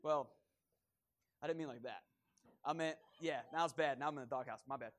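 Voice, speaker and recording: Male pastor, lively, jokey, fairly high voice. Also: fast talker. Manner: joking, self-mocking, lively. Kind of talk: sermon.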